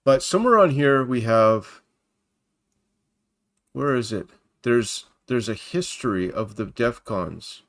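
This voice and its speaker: A man's voice: mid-range voice, expressive, slow, pauses often, fairly bright tone. A man talks casually into his computer microphone at home, hosting a Christian livestream. His delivery is chatty and wandering, with plenty of asides. He greets his viewers by name as he reads through news on his screen. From Canada.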